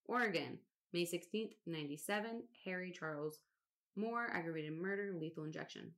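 A woman's voice: on the low side, normal speed, a bit bright. A woman co-hosting a casual podcast, reading a long list aloud, swearing now and then and laughing at odd names. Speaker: podcast co-host.

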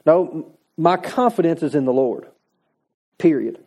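Male pastor, high-pitched, mellow tone, emphatic conversational sermon delivery. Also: lively intonation, measured pace, breathy edge. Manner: emphatic, conversational preaching with repetition.

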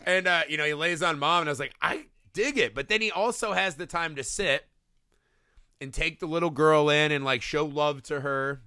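Bright upbeat guy gushing about a horror flick, swears a lot, dry close mic. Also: a little high, no room sound. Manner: excited, profane, acts out scenes in quick bursts. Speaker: podcast co-host. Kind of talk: casual film review chat.

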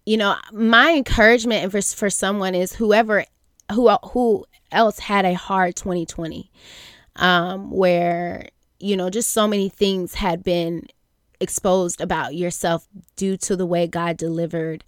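Earnest woman podcaster, slow and halting. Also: mid-range voice, fairly even intonation, clean tone, dry recording, clean studio sound. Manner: earnest, halting, many fillers and restarts. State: near tears at times. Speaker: podcast host. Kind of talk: reflective faith podcast monologue.

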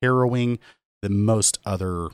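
A man's voice: fairly low pitch, normal speed, clean tone, no echo. A man co-hosting a podcast, chatting casually and enthusiastically with many restarts. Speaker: podcast co-host. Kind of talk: casual chat. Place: podcast studio.

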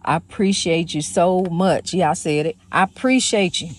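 A woman's voice: fairly low pitch, normal speed, a little hiss or hum. A woman hosting her own program in a casual, rambling spiritual monologue, folksy and preachy, calling her listeners honey. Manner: preachy, praising God. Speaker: host of a motivational program.

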